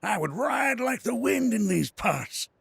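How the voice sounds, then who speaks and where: A gravelly, husky old motorbike mechanic, who swings from low mutters to shouted glee in a wide, restless melody. He talks at an unhurried, drawn-out pace. The game voice sits dry and close. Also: no echo, full character voice. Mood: friendly. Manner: bursts into shouting excitement and laughter. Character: excitable older male mechanic, ex-racer. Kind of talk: video game dialogue.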